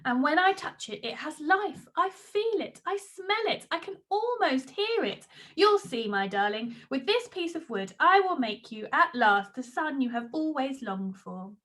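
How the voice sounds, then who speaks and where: A woman voicing a nervous but kind and hopeful old male woodcarver, speaking gently. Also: very high voice, big pitch swings, measured pace, hardly any pauses, full character voice. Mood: tender. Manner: coaxing and gentle.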